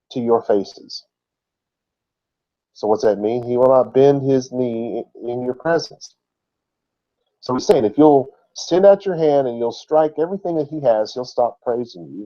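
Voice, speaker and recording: A man's voice: mid-range voice, dull audio. A man giving a conversational Bible teaching, explaining texts and asking rhetorical questions. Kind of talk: sermon-style Bible teaching.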